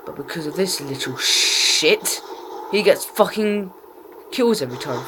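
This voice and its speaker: A man commentating his own gameplay, raging, swearing and yelling at opponents. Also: on the high side, animated, unhurried, noisy background. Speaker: gaming channel host.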